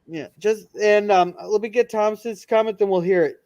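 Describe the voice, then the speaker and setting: A man hosting a casual live stream, reading viewer comments aloud and chatting in a rambling, halting way with many restarts. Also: high voice, fairly even intonation, darkish tone. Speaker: livestream host reading chat comments. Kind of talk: casual chat and joke telling.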